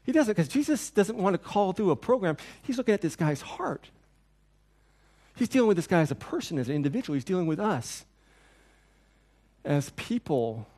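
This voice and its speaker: Animated, conversational male pastor preaching. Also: high-pitched, normal speed, long pauses. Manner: conversational and animated, acting out quotes; drops to a soft, quiet voice in tender passages. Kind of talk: sermon.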